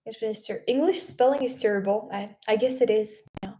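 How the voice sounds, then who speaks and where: Chatty French woman with a mellow voice. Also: fairly high pitch, a little fast. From France. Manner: chatty, laughs often, many fillers and restarts. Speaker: vlogger hosting a livestream. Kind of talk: casual livestream chat, reading comments.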